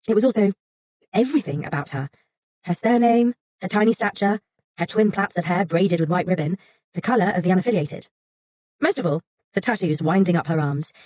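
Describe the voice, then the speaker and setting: Woman audiobook narrator, measured and softly breathy, lower pitch. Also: dry recording. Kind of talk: scripted narration.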